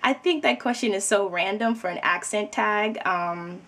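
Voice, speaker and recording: A woman's voice: medium pitch, moderate pace, fairly bright tone. A young adult woman from New York with a New York accent, chatting casually to camera in a rambling way full of fillers. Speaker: vlogger.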